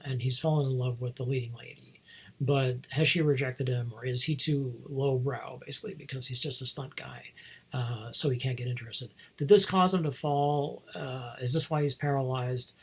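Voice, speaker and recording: A man's voice: medium pitch, slightly rough. A man hosting a podcast, talking casually and rambling through a film's story with many digressions. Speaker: podcast host. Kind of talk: casual film review.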